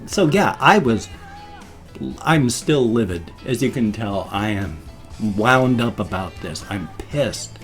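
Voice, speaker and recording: A man's voice: fairly low pitch, animated, slow, soft background music. A man in his fifties venting in an agitated rant during a casual daily vlog. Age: 50s. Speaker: vlogger.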